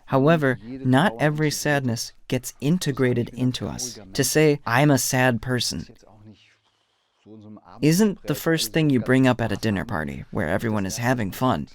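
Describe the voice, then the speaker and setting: A man's voice: mid-range voice, unhurried. A man with a German accent, a therapist giving a lecture to an audience and acting out little dialogues with patients. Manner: storytelling, acts out dialogues.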